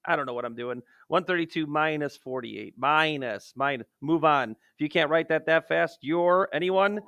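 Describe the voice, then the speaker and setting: A man's voice: on the high side, moderate pace, sharp tone, dry recording, studio quality. A man, a math teacher, talking through a geometry lesson in a joking, self-deprecating way, swinging from playful outbursts to muttered asides.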